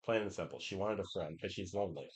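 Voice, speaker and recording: A man's voice: low voice, quick pace, husky. A man streaming, casually retelling a story in a rambling way, with many restarts and quoted lines.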